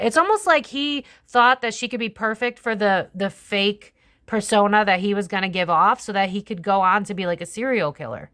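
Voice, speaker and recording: A woman's voice: medium pitch, normal speed, fairly bright tone. A young woman chatting casually through a tarot reading, swearing freely and slipping into other people's voices. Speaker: tarot reader and channel host. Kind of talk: casual psychic tarot commentary.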